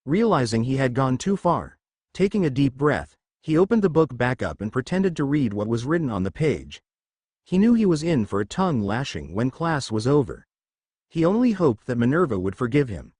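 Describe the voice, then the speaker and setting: A man narrating a fan fiction story in an animated reading style. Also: mid-range voice, no room sound, studio quality.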